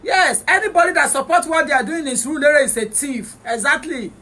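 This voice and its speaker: This England-born livestream host has a Nigerian Yoruba-English accent and a high, bright, forceful voice that moves a little fast. She rants heatedly at her viewers, scolding them and alternating between English and Yoruba.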